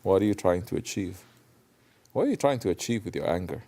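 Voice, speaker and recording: Low gravelly man giving a Sufi talk. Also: animated, a little fast, dark tone. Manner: conversational, asks listeners questions, searches for words. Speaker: Sufi teacher. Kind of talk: sermon.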